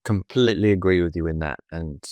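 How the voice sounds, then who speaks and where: A man's voice: low voice, a little fast, darkish tone, smooth, dry recording. A man, co-hosting a podcast as a therapist and telling a personal story in an emotive, chatty way. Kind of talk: casual conversation.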